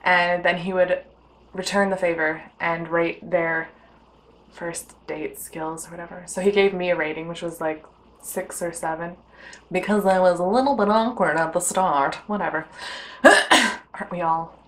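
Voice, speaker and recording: A woman's voice: on the low side, steady tone, normal speed, slight background noise. A woman in a casual vlog chat, telling stories about her bad dates in a chatty, giggly, self-mocking way. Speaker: storyteller recounting bad dates.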